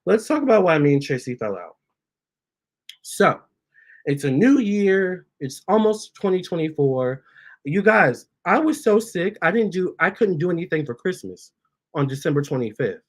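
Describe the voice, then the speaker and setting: A man hosting a casual storytime, reading out viewer comments, chatty and animated, often stopping to talk to his cats. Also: high voice, moderate pace. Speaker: tarot reader and channel host.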